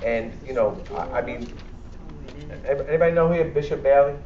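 A man's voice: mid-range voice, a little fast, a little hiss or hum. Bronx guy giving a church health talk, blunt and jokey, dull-sounding recording from across the hall. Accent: Bronx New York. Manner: blunt, joking, emphatic. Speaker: doctor leading a church health workshop. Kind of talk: lively workshop talk to a church audience. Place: church hall, speaking to a live audience. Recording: echoey hall, distant and dull.

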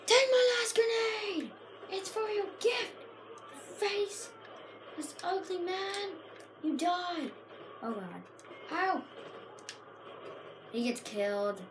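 A woman giving frantic, excited commentary while playing a shooter game, often shouting and yelping. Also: very high voice, very slow, pauses often, noisy background. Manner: frantic, shouts and yelps at the action. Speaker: gaming video creator.

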